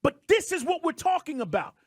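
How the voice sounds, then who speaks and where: A man's voice: very high voice, very animated, a little fast, no room sound, clean studio sound. A man co-hosting a sports radio show, talking emphatically and firing off rhetorical questions.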